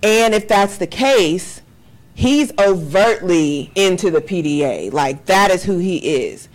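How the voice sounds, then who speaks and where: Blunt woman with a lowish voice. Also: lively intonation, takes it slowly. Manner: candid, blunt, swears casually. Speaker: podcast co-host. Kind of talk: casual advice chat.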